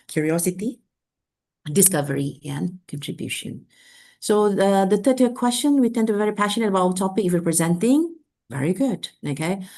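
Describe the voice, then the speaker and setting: A middle-aged woman with a Malaysian English accent, giving a workshop lecture in a lively way and filling her talk with "okay". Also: mid-range voice. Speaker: workshop speaker.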